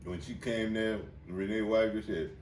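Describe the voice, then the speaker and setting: A man hosting a podcast in a loud, joking way, laughing a lot and swearing freely in casual chat. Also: on the low side, steady tone, moderate pace, a little hiss or hum. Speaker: podcast host. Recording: echoey room, mic at a distance.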